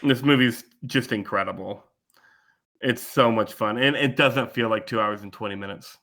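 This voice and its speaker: A man hosting a casual movie podcast and working through trivia in a methodical, matter-of-fact way. His voice sits at a middling pitch. He sounds plain and relaxed. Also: normal speed. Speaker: podcast host. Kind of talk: casual chat, reading trivia.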